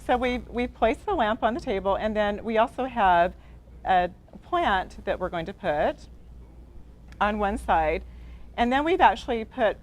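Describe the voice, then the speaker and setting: A woman's voice: mid-range voice, expressive, measured pace. A woman co-hosting a home decor class, agreeable and enthusiastic about the pieces. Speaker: co-host designer.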